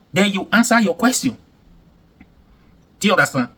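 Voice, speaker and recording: Nigerian male vlogger, fired-up rant, slightly high and husky voice. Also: lively intonation, brisk, long pauses, fairly bright tone. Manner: indignant, emphatic, repetitive ranting. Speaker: commentary vlogger. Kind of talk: heated reaction commentary.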